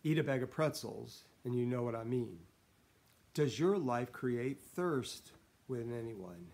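A middle-aged pastor delivers a devotional talk in an earnest, steady voice of middling pitch. He reads scripture passages aloud and pauses now and then to clear his throat.

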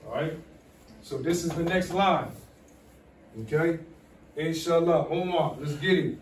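A male teacher runs a classroom pronunciation drill, repeating rules and coaxing students to say them back in a call-and-response style. His voice is on the high side and a little slow, recorded from far off in an echoey classroom with a faint hum.

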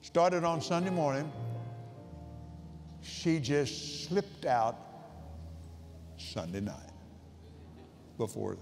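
A man preaching slowly and from the heart, stumbling over and repeating words as he tells a story. His voice sits fairly high for a man. It rings out with a long reverb across a large convention hall, with faint music underneath. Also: big pitch swings, creaky, a little mellow. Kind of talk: sermon with personal storytelling.

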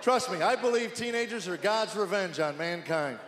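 A man's voice: high-pitched, expressive, moderate pace, very noisy. A middle-aged man doing stand-up comedy, telling exasperated stories about his teenage son in a wry, storytelling manner. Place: large theater stage with live audience. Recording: echoey hall, audience laughter.

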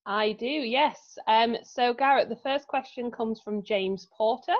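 A woman's voice: fairly high pitch, measured pace, muffled recording. A woman reading an audience question aloud in an interview, a little hesitant with fillers. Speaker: question reader.

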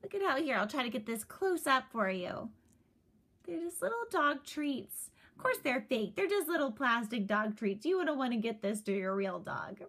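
A woman's voice: high-pitched, very animated, normal speed, a bit bright. A woman narrating a toy unboxing off camera, gushing and giggly in a sing-song way. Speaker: toy reviewer.

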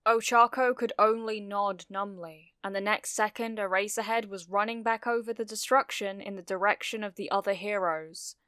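A woman reading fan fiction aloud, narrating a story with steady, expressive delivery. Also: mid-range voice, normal speed, hardly any pauses, clear, resonant tone, no echo, studio quality.

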